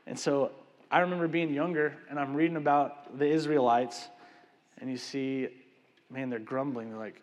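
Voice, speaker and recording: A man preaching a sermon in a conversational, animated way, often tagging his sentences with "right?" and "man.". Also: mid-range voice, moderate pace, in a large hall. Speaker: pastor. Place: church sanctuary.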